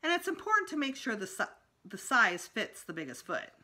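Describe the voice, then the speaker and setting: A woman, a school librarian, reading a children's chapter book aloud with expressive storytelling. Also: fairly high pitch, brisk.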